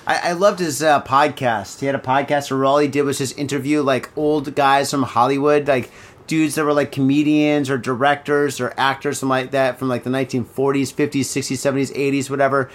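A man's voice: mid-range voice, flat delivery, fairly quick. A man hosting a casual comedy podcast, chatty and rambling, swearing freely. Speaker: podcast host. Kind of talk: casual chat.

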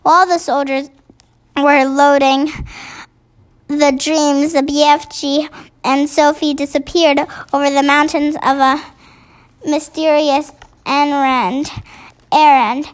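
A woman with a high voice reads a children's storybook aloud at an unhurried pace. She often trips over words and goes back to fix them. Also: little pitch movement. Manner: halting, stumbles and corrects words. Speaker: reader.

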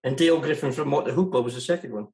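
A man's voice: medium pitch, racing, a crowd in the background, low-quality recording. A man being interviewed as a musician guest, talking casually and rambling with many restarts.

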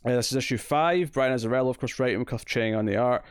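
A man's voice: mid-range voice, quick pace, clean tone, no room sound. Scottish man, casual podcast chat, blunt opinions, dry close sound. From Scotland. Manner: blunt, opinionated, with frequent fillers. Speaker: podcast co-host. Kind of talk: casual comic review chat.

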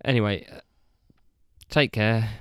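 A man hosting a podcast, easygoing and a little halting as he reads out picks and signs off. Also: lowish voice, steady tone, fairly bright tone, clean tone, dry recording, studio quality. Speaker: podcast host. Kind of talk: casual chat.

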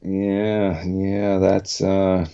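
Man, from Canada, radio host, slow-talking, lowish voice, halting casual chat, dull lo-fi recording. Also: little pitch movement, gravelly, warm tone, smooth. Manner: rambling, halting, many restarts. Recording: dull lo-fi sound.

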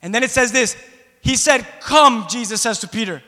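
Man, preacher, sermon, high bright voice, long hall reverb. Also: a little fast. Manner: impassioned, shouting at peaks, addresses the congregation. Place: church hall.

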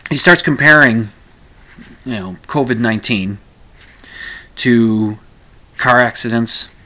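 A man's voice: medium pitch, sharp tone. A man hosting a casual commentary show, rambling through the news with frequent restarts and asides.

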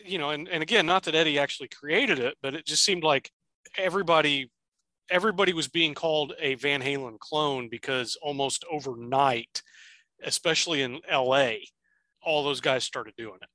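A man chatting on a podcast in a bright, sharp voice that sits a little high. He hesitates and restarts his sentences as he talks. The recording is close and dry. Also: moderate pace, no echo. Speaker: podcast co-host. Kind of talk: casual chat.

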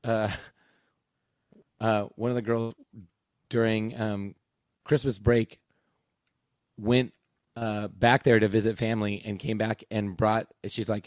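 A man in his thirties chatting casually as a podcast co-host, telling lively stories and jumping up in pitch when he quotes people. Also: slow pace, long pauses, dry recording, clean studio sound. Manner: animated storyteller, jumps high when quoting others. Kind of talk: casual chat.

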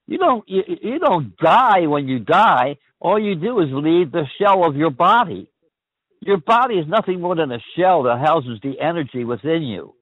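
An older man hosts a call-in chat, pondering big questions aloud and tripping over his own restarts. His voice sits a little high and swings widely. It comes through dry and narrow, like a phone line. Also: big pitch swings, normal speed, dry recording. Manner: ponderous, repeats and restarts phrases. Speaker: call-in show host.

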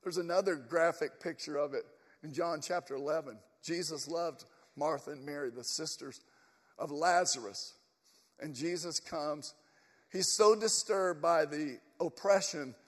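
A man's voice: a little high, a little slow. A man preaching a sermon, emphatic and storytelling, addressing his congregation in a church. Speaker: pastor. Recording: long church reverb.

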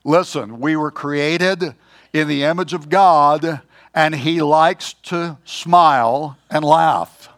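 An older man delivers a sermon at an unhurried pace, with a slightly high voice. He preaches in a folksy manner, throws in jokes and keeps clearing his throat.

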